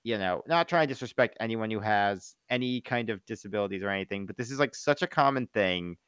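Co-host, male, low and smooth, meandering casual chat. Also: animated, fast talker, a bit bright, dry recording, clean studio sound. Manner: rambling, full of fillers and restarts. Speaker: podcast co-host.

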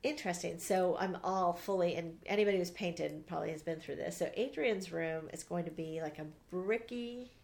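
A woman's voice: lowish voice, moderate pace, gravelly, few pauses, a little mellow. A woman co-hosting a podcast, chatting casually and rambling with lots of ums and restarts. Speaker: podcast co-host. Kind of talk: casual chat.

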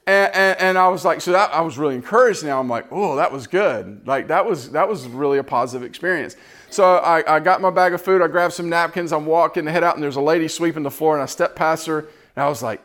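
Animated man telling a sermon story. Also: fairly high pitch, fast, gravelly. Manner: animated, acts out quoted exchanges. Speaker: preacher.

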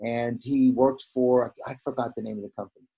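Husky-voiced older man telling stories. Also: mid-range voice, fairly quick. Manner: animated, acts out quoted dialogue. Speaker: guest, veteran hairdresser. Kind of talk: casual storytelling in conversation.

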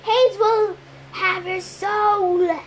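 Hissing, threatening demon teacher for a storybook; high and sharp-edged , voiced by a woman reader. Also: fairly even intonation, extremely slow, exaggerated voice. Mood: menacing. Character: menacing female Fury, a demon teacher.

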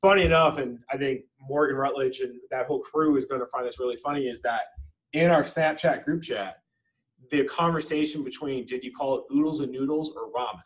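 A man's voice: medium pitch, a little fast, low-quality recording. A man co-hosting a podcast as a teacher, talking in a rambling casual way with many "like" fillers. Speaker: podcast co-host. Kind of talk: casual chat.

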